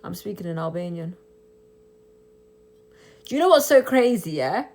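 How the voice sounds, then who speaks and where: A woman's voice: lowish voice, lively intonation, a little mellow. A young woman on a phone live stream, reading and answering viewer comments, shifting into taunting, indignant rhetorical questions. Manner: switches between English and Albanian, taunting and indignant; rapid, repetitive rhetorical questions. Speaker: livestreamer.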